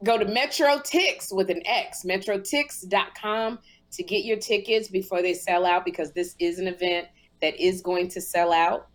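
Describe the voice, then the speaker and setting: An animated woman co-hosting a casual podcast, jumping up and down in pitch as she acts out both sides of a conversation. Her speech is loose and casual. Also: moderate pace. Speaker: podcast co-host.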